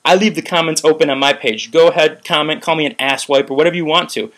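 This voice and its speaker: Young male vlogger, heated profane rant, rambling "like"s, slightly high voice. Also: fairly even intonation, fast talker, a bit bright. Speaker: vlogger recounting a protest. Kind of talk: ranting video commentary.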